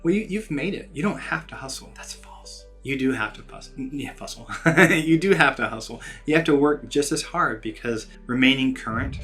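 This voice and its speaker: A man's voice: mid-range voice, fairly bright tone. Earnest man giving career advice. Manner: earnest, emphatic, self-correcting. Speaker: vlog host, composer. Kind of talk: casual advice talk to camera.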